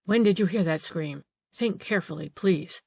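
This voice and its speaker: A woman reading an audiobook, voicing a small, gentle old male detective who questions politely. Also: lowish voice, normal speed, gravelly, husky, dry recording. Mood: pressing.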